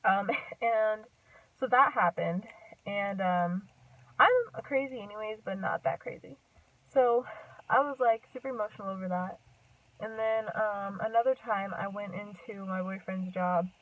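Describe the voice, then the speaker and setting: A woman's voice: medium pitch, a little slow. Chatty young woman, tinny distant sound. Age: young adult. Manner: chatty, rambling, full of "like" and "um", laughs often. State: a bit out of breath. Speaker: vlogger. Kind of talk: casual storytelling to camera.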